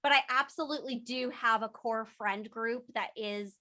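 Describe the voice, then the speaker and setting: Bubbly high-voiced young woman. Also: normal speed, bright, forceful tone. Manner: bubbly, emotional, talks with lots of "like". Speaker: voice actress and singer. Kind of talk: casual interview answers.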